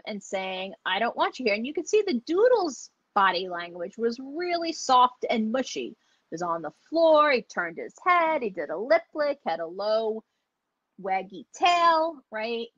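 A woman's voice: fairly high pitch, fairly bright tone, no echo. A woman dog trainer teaching online, chatty and enthusiastic, acting out the dogs as she explains. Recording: dull lo-fi audio.

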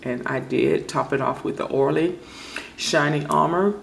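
A woman's voice: low-pitched, a little slow, gravelly, slight background noise. A woman vlogger casually showing off her manicure, gushing and repeating her praise words. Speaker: nail vlogger. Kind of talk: casual product show-and-tell.

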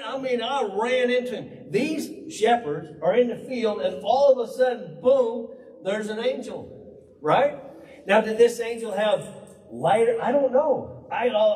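A man preaching a folksy, humorous storytelling sermon in a church. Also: very high voice. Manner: animated, humorous, conversational. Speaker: pastor. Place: church hall. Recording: roomy hall, distant mic.

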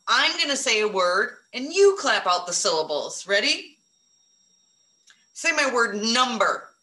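A woman teaching a phonics lesson to young children, encouraging them and modeling each word slowly. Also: medium pitch, bright, forceful tone, roomy sound, slight background noise. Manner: encouraging, drawn-out modeling of words.

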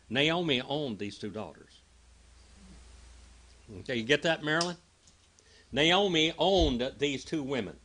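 Preacher, male, bright, clear tone; reads verses, then chats through them. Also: fairly high pitch. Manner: conversational Bible teaching, reads scripture then explains it. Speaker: pastor. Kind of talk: sermon.

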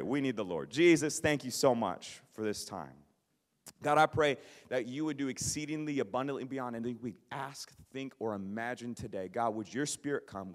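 A man preaching a sermon, telling a personal story in an animated, joking, self-deprecating manner. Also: on the high side. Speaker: pastor. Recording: long reverb of a large hall.

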